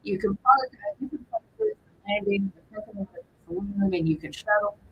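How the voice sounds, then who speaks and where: A woman's voice: medium pitch, wildly swooping pitch, a little fast, muffled recording, slight background noise. A woman hosting a casual morning radio show, chatty and rambling as she greets listeners by name. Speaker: radio host. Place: radio studio.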